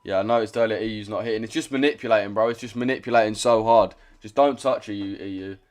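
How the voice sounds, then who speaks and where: A young man with a London accent talks casually to his livestream chat, blunt and full of slang. His voice sits a little low, and he swears freely as he answers viewers. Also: fast, faint music behind. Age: 20s. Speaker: trading streamer.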